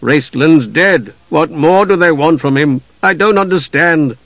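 Man doing grieving father, mumbling, halting, quiet, dry audiobook recording. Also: a little high, expressive, dry recording, muffled recording, voice pushed up, heavily acted. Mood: bewildered. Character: grieving bewildered father, large gentle man.

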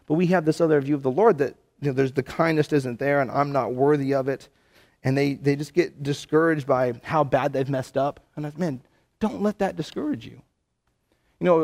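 A man's voice: on the high side, darkish tone. A man preaching a sermon in a loose, conversational way, full of "man" and "you know". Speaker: pastor.

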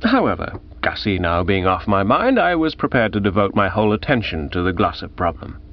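A man narrating a first-person comic novel in a lively, arch storytelling manner. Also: fairly quick. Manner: lively, arch storytelling with wide pitch swings. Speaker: audiobook narrator. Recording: dull lo-fi audiobook recording.

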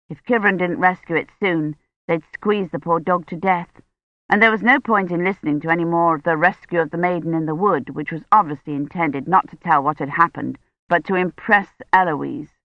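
A woman's voice: lowish voice, no echo. Woman narrating an audiobook, dull dry sound. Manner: even, measured reading. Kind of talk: scripted narration.

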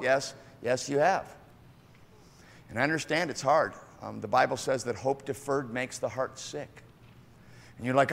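Animated preacher man with gravelly voice. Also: medium pitch, normal speed, long reverb tail. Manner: animated, acts out voices of others, swings from loud to hushed. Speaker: pastor. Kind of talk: sermon.

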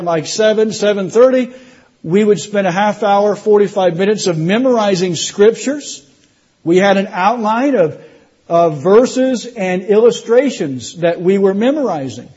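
Husky-voiced man telling a church testimony. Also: high-pitched, a little mellow, highs cut off. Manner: storytelling with restarts, rising emphasis. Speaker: preacher. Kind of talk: sermon testimony.

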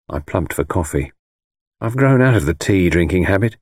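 A man reads a first-person story aloud in a measured way, with a pitch that moves a lot. The sound is close and dry, with no room around it. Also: animated, a little mellow, no room sound. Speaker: audiobook narrator. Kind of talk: first-person audiobook narration.

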